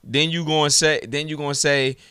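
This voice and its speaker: A man's voice: a little high, flat delivery, a little fast, bright, forceful tone, clean tone, no room sound, clean studio sound. A young man hosting his own podcast alone, ranting in a profane, heated, swaggering way. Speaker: podcast host. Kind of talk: solo podcast rant.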